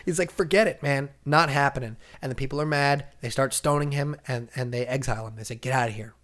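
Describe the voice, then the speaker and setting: A young man co-hosting a casual podcast, retelling a comic story with lots of acted-out lines and sudden shouts. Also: mid-range voice, fast talker. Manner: animated storyteller, acts out characters' lines. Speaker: podcast co-host. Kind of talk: casual comic-book recap chat.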